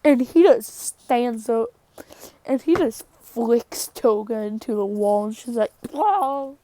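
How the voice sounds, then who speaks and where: A woman's voice: a little high, slow pace, mellow. A woman casually retelling a fan story in a rambling way, often correcting herself.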